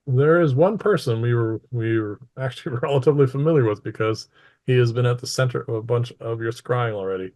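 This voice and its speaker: A man's voice: mid-range voice, a little fast, darkish tone. A man narrating casually as game master of a tabletop game.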